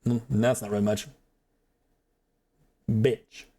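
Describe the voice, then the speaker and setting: A man's voice: fairly low pitch, fairly even intonation, slow, dark tone. A man streaming a video game, talking in casual commentary; he jokes, swears and rambles, laughing often. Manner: joking, profane, rambling with frequent laughs.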